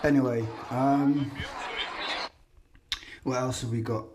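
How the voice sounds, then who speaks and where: A man's voice: mid-range voice, fairly even intonation, takes it slowly, background noise. Sarcastic man commenting on footage. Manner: sarcastic, mocking. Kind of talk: commentary over protest footage.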